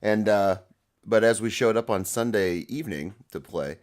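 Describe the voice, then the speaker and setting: A man's voice: fairly low pitch, moderate pace. A man co-hosting a casual sports podcast, talking loosely with lots of "uh" as he recaps games. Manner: rambling, many fillers. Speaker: podcast co-host.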